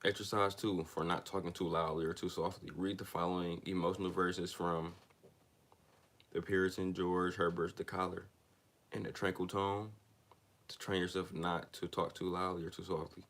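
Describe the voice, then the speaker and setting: A deep-voiced man reads a self-help text aloud. He stumbles and restarts on words, then breaks off into loose, slangy chat before going back to the page. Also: level tone, moderate pace, a bit bright. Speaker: reader of a self-help book on a channel. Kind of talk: reading aloud with casual asides.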